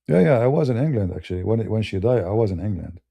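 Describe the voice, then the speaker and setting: A man with a Middle Eastern accent rants in a blunt, scornful way, his English grammar broken and choppy. His voice is very dark and gravelly, with a rough crackle at the bottom of his range. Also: fairly low pitch, lively intonation, fast. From Middle East. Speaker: debater. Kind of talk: heated ranting monologue.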